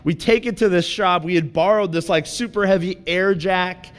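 A man in his thirties preaching from a church stage, his voice sitting notably high for a man. He tells stories in an animated, joking way and pokes fun at himself. A long reverb from the hall trails every phrase. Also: normal speed, clean tone. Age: 30s. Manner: animated, self-deprecating and joking. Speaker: pastor. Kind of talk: sermon with personal storytelling.

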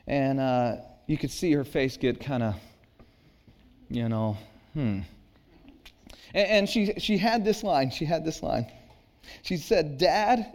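A man in his thirties delivers a sermon in a conversational, earnest tone. His voice sits a bit high for a man, and he climbs into emphatic peaks on the key lines. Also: lively intonation, slow, pauses often, darkish tone. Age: 30s. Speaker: pastor.

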